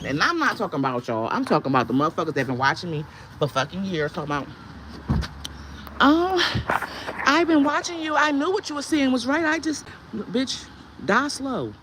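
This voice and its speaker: A woman's voice: lowish voice, fairly bright tone, a little hiss or hum. A woman who sells herbal products, ranting on her vlog in a heated, blunt, profane way. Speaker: herbal products seller and content creator.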